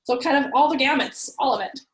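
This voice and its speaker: A woman, a real estate investor and landlord, telling an animated story about her rental properties, acting out what people said. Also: high voice, quick pace, roomy sound, poor audio. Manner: animated, acts out her own past quotes. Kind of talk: conversational storytelling.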